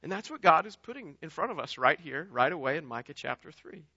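Emphatic high-voiced man preaching. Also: big pitch swings, fast talker, creaky, pushed and bright, breathy edge, no room sound, lo-fi sound. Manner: earnest, emphatic, repeats words and restarts often. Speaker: pastor. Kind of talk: sermon.

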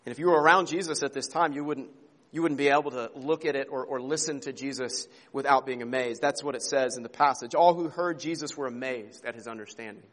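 A man's voice: medium pitch, a little fast, fairly bright tone. A man preaching a sermon as pastor, earnest and emphatic, repeating words and asking rhetorical questions. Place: church sanctuary. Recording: long hall reverb.

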